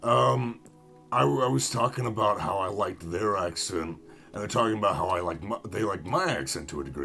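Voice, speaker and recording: A man's voice: lowish voice, lively intonation, brisk, gravelly, sharp tone, soft background music. A young American man chatting casually with viewers while playing a game, rambling and self-mocking. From United States. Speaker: gaming streamer.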